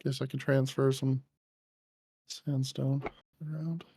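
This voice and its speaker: A man's voice: mid-range voice, flat delivery, slow pace, gravelly, dark tone, slightly rough. A man joking with friends over game voice chat and laughing easily. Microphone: voice chat mic.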